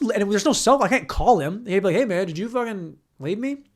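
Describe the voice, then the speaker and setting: Young man, podcast host, casual solo storytelling, profane, animated quotes, slightly high voice. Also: moderate pace.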